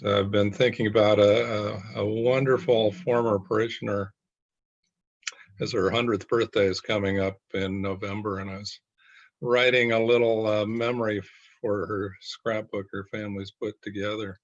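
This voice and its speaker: A man who is a pastor, talking slowly and haltingly with many fillers in a reflective group discussion. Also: lowish voice, little pitch movement, dull audio.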